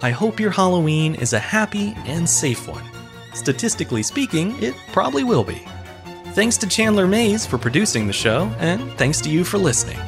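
A man narrates a history podcast as its host, dry-humored and measured. His pitch moves a lot through each sentence. A soft music bed sits underneath. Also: big pitch swings.

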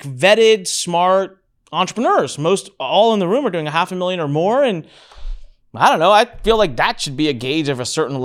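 A man hosting a casual talk show, telling a story in a frank, animated way with casual swearing and laughter. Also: a little high. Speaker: podcast host.

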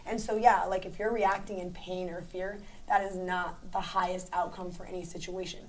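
Lady with a lowish voice, calm, giving advice on a podcast, lots of likes. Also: normal speed, a little hiss or hum, rough recording. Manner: calm, advising, spiritual talk with many fillers. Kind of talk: casual chat.

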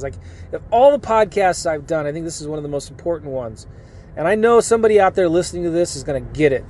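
A middle-aged man hosting a podcast, talking casually and earnestly from a parked car, with energetic restarts and rambling asides. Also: a little high, slight background noise. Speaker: podcast host and coach. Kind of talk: casual motivational podcast monologue.

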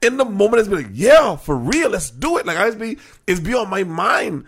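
A man's voice: high voice, big pitch swings, fairly quick, fairly bright tone, slight background noise. A man co-hosting a podcast, joking and laughing loosely with his friend. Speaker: podcast co-host. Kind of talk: casual chat.

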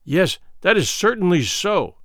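A man's voice: high voice, very animated, measured pace, fairly bright tone, no echo, studio quality, full character voice. A man voicing a bold, scornful young prince who speaks emphatically and commands. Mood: emphatic.

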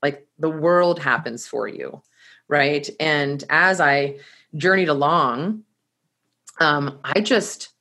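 A woman with a low, deep voice shares a personal story with an audience. She is animated and keeps laughing and restarting her sentences as she talks. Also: slow pace. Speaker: speaker telling her travel story; course teacher.

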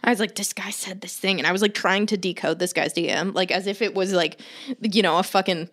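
A woman's voice: mid-range voice, fairly even intonation, a little fast, a bit bright. A woman co-hosting a podcast, chatting casually, rambling, laughing often and swearing freely. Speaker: podcast co-host. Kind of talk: casual chat.

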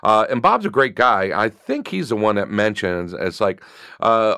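A man talking casually and telling stories about improv, bursting into high voices as he acts out characters. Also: normal speed, clear, resonant tone, no room sound, studio quality. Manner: animated storyteller, jumps high acting out voices. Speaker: improv comedian guest. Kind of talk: casual storytelling chat.

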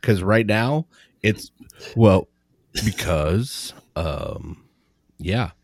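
Middle-aged guy cracking jokes, lowish voice, rambles and restarts, dry close sound. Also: expressive, extremely slow, no echo. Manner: joking, rambling with many fillers and restarts. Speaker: medical provider, podcast co-host. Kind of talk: casual chat.

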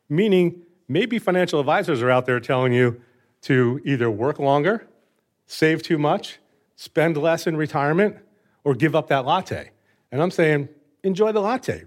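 A man in his fifties, a financial advisor competing on a quiz show, explaining his point confidently in plain, steady terms. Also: on the high side. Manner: confident, explanatory, light chuckles.

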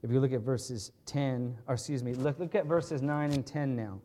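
A man's voice: medium pitch, normal speed, mellow. A man preaching an expository sermon in a conversational, earnest way, often checking in with his listeners and restating his points. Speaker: pastor.

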